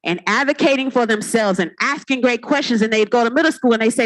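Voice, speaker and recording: A woman's voice: fairly high pitch, fast talker, hardly any pauses, a bit bright, poor audio. A woman from California giving a heartfelt, playful award acceptance speech on an awards ceremony stage. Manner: heartfelt, playful, speaks to the crowd.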